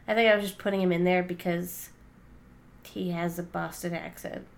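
A woman's voice: lowish voice, fairly even intonation, normal speed, creaky. A woman co-hosting a podcast in casual chat, easygoing and rambling with many fillers. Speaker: podcast co-host.

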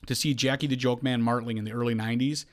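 Animated man telling a story. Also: medium pitch, quick pace, heavy background noise. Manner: animated, acts out quoted voices, frequent restarts. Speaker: podcast host. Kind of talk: casual storytelling chat.

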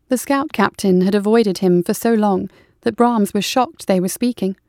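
A woman reading a war story aloud as audiobook narration, in a steady, measured way. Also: medium pitch, no echo, clean studio sound.

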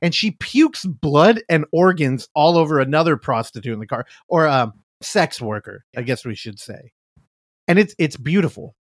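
Lively profane male podcast co-host. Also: on the high side, moderate pace, no room sound, studio quality. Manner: animated, profane storytelling. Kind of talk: casual movie-review chat.

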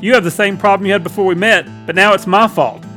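A man voicing an irritated, sarcastic man on the ground in a told joke, delivering the comeback quickly. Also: high-pitched, fairly even intonation, pushed and bright, faint music behind, voice pushed up. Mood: snide.

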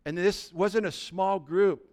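A man preaching a Good Friday sermon, retelling the story with animated, humorous asides. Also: high-pitched, slow. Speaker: pastor.

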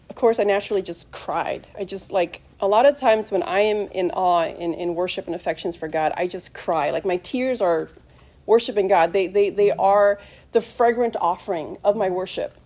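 A middle-aged woman with a medium-pitched, slightly mellow voice preaches a sermon. She speaks in a heartfelt, emotional, conversational way and calls on the congregation to answer "amen."

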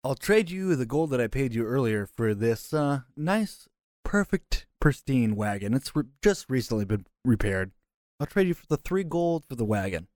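A man's voice: mid-range voice, sing-song, moderate pace, a little mellow, no echo, clean studio sound. Man joking around at a game table. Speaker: player. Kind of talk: casual tabletop game play.

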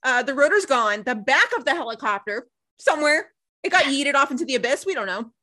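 A young woman co-hosting a casual recap chat, telling the story with lively acted-out quotes. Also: sits high, fairly quick. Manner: animated storytelling, acts out quotes. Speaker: podcast co-host.

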